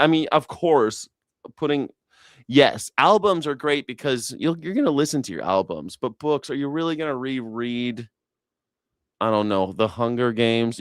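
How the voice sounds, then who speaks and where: A man's voice: medium pitch, clear, resonant tone, no echo, clean studio sound. A man hosting a news reaction show, riffing sarcastically in rambling, profane commentary. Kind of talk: casual comedic commentary.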